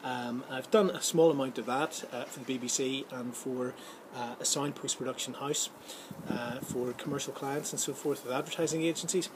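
Chatty man over steady room noise. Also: mid-range voice, normal speed. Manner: chatty and jokey, many fillers and restarts. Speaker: vlog host giving film and voiceover tips. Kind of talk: casual rambling chat to camera. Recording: clear background ambience noise.

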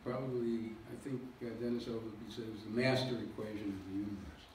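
A man's voice: on the low side, steady tone, brisk, a little mellow. A man gives a public lecture, explaining slides with self-deprecating jokes. His voice carries a heavy hall echo and sounds like it was caught from a distance. A faint hiss sits underneath it. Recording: echoey hall recording from far off.

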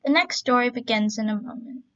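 A woman reading a storybook aloud as a storyteller, in a steady, even-paced read-aloud manner, on a dull lo-fi recording. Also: on the high side, fairly quick.

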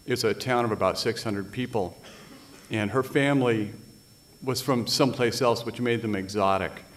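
A middle-aged man from Washington State with a voice of ordinary, mid-range pitch tells true stories to a live audience. He reads his fiction aloud in a dry, wry way and lands his punchlines deadpan. His pacing is relaxed and conversational. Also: moderate pace, a little hiss or hum. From United States (Washington State). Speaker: author. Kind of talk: reading and storytelling at a live literary event.

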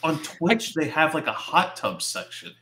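A man's voice: a little high, big pitch swings, unhurried, a crowd in the background. A man co-hosting a casual group chat on a livestream, joking and teasing the others. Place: home studio.

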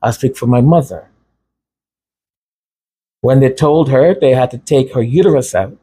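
A man's voice: mid-range voice, a little slow, pauses often, dark tone, slight background noise. A man hosting a raw commentary monologue, impassioned and sarcastic. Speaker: channel host.

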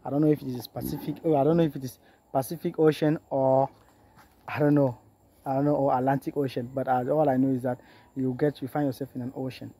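A vlogger walks through a forest, talking to his viewers, often calling them "guys" and repeating himself. His mid-range, warm voice is fast with fairly even intonation, and clear music plays beneath it.

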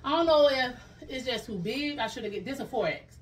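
A woman vlogger chatting casually through a clothing haul, animated and laughing often. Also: high-pitched, fairly quick, recorded from a distance, a little hiss or hum.

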